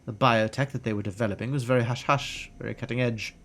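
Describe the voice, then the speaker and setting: A man's voice: medium pitch, fairly even intonation, quick pace, fairly bright tone, soft background music, lightly acted. A man reading the lines of a pompous, disgraced male elf doctor aloud from a game, in a haughty, melodramatic manner. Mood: self-pitying.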